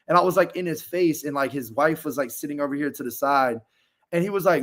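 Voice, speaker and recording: A man's voice: fairly high pitch, fast talker, fairly bright tone. A man talking as a podcast guest, telling a candid personal story in a rambling, casual way, full of fillers.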